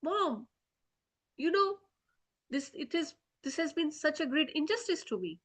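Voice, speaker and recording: A little boy of one, whining and indignant that he has been treated unfairly, his voice raised noticeably higher, as a woman telling a children's story puts him on. He complains in an aggrieved, pleading way. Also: sing-song, measured pace, fairly bright tone, exaggerated voice. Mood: whiny. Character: one-year-old divine boy, whining about unfairness.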